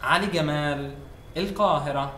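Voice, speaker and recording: A man's voice: a little high, very fast, sharp tone, a little hiss or hum. A man from Egypt with an Egyptian accent, teaching an Arabic lesson in patient, simple English and repeating each sound. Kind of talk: language lesson. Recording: roomy echo.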